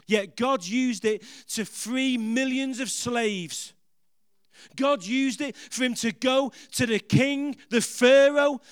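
A man's voice: extremely high pitch, no room sound, studio quality. A man preaching a sermon to a congregation, emphatic, repeating phrases and putting questions to the audience.

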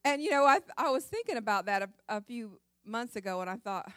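A woman's voice: on the high side, brisk, few pauses, no echo, studio quality. A woman from Ohio giving a folksy, chatty personal testimony as a guest speaker at a church service. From Ohio, USA. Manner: folksy storytelling, chatty and lively, with many restarts.

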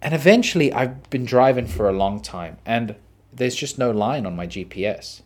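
Animated Australian man telling a story. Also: mid-range voice, moderate pace. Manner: animated, profane, dramatic retelling. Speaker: podcast host. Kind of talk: casual storytelling monologue.

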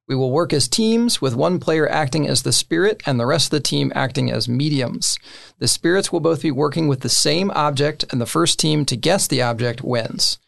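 A man's voice: on the high side, moderate pace, creaky. A man casually explaining the rules of a board game to friends, with many fillers and short laughs. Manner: relaxed, filler-heavy, laughs between points.

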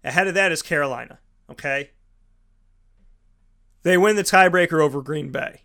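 At a moderate pace, a man with a slightly high, sharp-toned voice hosts a show and weighs in on football. His commentary is opinionated and ranting, with emphatic repetition for effect.

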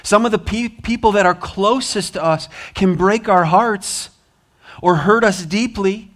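A man's voice: high-pitched, unhurried, fairly bright tone. A man preaching a sermon as pastor, earnest, with rising emphasis, American accent. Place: church sanctuary.

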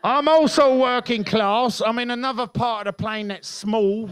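A man's voice: very high voice, normal speed, a bit bright, a little hiss or hum. A man voicing a small, working-class rear gunner who complains and swears. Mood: plaintive. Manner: plaintive, sweary.

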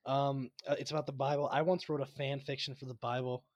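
A man's voice: mid-range voice, little pitch movement, fast talker, a little mellow, no echo. A man co-hosting a podcast in casual chat, rambling through stories and laughing often. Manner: giggly rambling storyteller. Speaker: podcast co-host.

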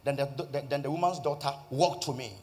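A man's voice: mid-range voice, a little fast, darkish tone. A man, preaching a testimony sermon as pastor and driving points home by repeating them. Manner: emphatic, repeats key phrases.

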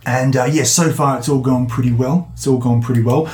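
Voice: medium pitch, fairly even intonation, a little fast, darkish tone, lightly acted. A game master voicing a nervous, eager-to-please female guard, in a plain everyday voice. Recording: roomy echo.

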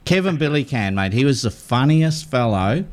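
An Australian man hosts a radio fishing show from the studio, talking at an ordinary middle pitch. He chats loosely, cracking jokes and rambling through anecdotes with plenty of restarts. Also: very animated, normal speed, a little hiss or hum. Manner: joking, rambling storyteller with restarts. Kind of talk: casual radio chat.

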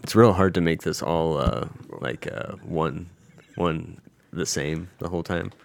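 Low, gravelly young man, laid-back. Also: a little slow. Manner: laid-back, crude joking, swears freely. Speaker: podcast co-host. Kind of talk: casual chat.

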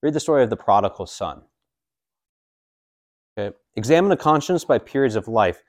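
A man's voice: medium pitch, expressive, moderate pace, dry recording, clean studio sound. A man in his forties, a priest, teaching a catechism class in a casual, joking way with many fillers. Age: 40s.

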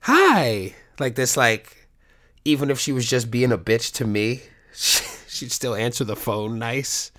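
A man's voice: mid-range voice, fairly even intonation, a little slow, hardly any pauses, a bit bright. A middle-aged man, a coach, talking candidly to his viewers in a rambling, profane, joking way. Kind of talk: casual monologue to viewers.

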